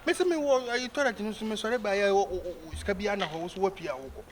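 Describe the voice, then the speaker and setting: High-voiced pleading man in a comedy skit. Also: fast talker, a little hiss or hum. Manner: pleading, stammering repetitions. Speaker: comedy actor. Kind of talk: comic skit acting.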